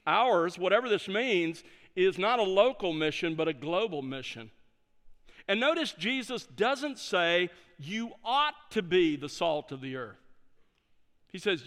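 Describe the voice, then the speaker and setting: A man preaching a sermon, measured and emphatic, slowing down to stress key phrases. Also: sits high, a bit bright, in a large hall. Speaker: pastor.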